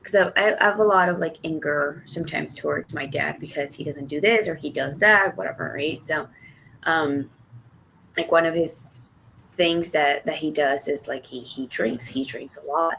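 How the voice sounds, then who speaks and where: A woman's voice: low voice, normal speed, gravelly, fairly bright tone, slight background noise. A young woman telling a personal story on a podcast, rambling with many fillers and restarts and casual swearing. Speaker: podcast co-host.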